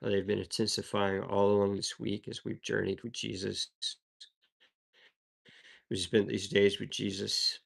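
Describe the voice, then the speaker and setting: This is devotional Bible reading and commentary from a Southern American man who reads the verses, then explains them casually with conversational asides. His voice is on the low side and gravelly, with little pitch movement and a measured pace.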